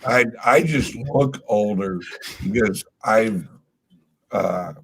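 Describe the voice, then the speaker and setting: A man's voice: fairly low pitch, takes it slowly, husky. A man in casual chat, rambling through stories, trailing off and swearing casually. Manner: laid-back storytelling. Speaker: podcast co-host.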